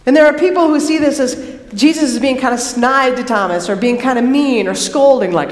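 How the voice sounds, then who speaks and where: A woman preacher giving an animated sermon, moving between hushed and excited. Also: sits high, normal speed. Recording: echoey hall reverb.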